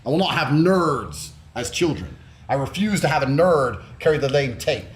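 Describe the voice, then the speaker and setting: A man in his thirties delivering a loud, profane, boastful rant full of taunts. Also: mid-range voice, expressive, moderate pace. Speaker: public personality.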